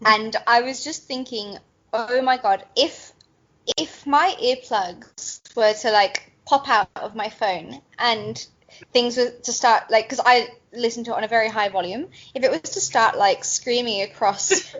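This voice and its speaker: A woman's voice: a little high, a little slow, a bit bright. Bubbly woman, lo-fi. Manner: bubbly, laughs often. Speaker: podcast co-host. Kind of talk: casual chat. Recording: dull lo-fi podcast audio.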